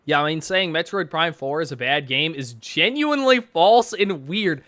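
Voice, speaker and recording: A man's voice: a little high, expressive, normal speed, sharp tone. A man streaming from his bedroom, reacting to posts with sarcastic, mocking commentary and frequent laughter.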